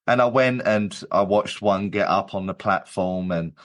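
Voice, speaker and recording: A man's voice: low-pitched, a little slow, a bit bright. A man, a medium and guest, telling his story in casual chat with many restarts and fillers.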